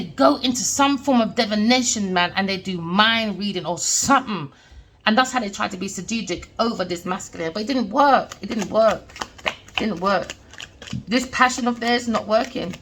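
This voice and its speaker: A woman's voice: on the high side, fairly bright tone, slight background noise. A woman giving an emphatic, scornful tarot reading, repeating her points. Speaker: tarot reader.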